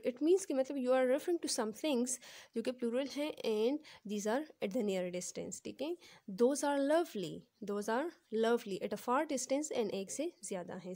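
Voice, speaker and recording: A young woman teaching English grammar, switching between English and Hindi and slowly repeating each example sentence. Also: on the high side, dark tone. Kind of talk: explaining grammar in a lesson.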